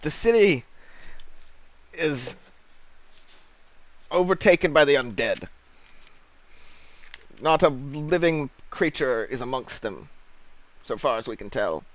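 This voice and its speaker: A man's voice: medium pitch, expressive, takes it slowly, long pauses, no echo, dull audio. A man playing a wary paladin on guard. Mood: wary formal. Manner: formal, suspicious. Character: wary stern male paladin guarding a city wall.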